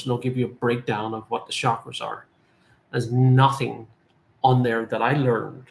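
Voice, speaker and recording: Earnest male life guide in his forties, mid-pitched, speaks directly to viewers with repeated phrases. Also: slight background noise. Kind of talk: spiritual talk to viewers.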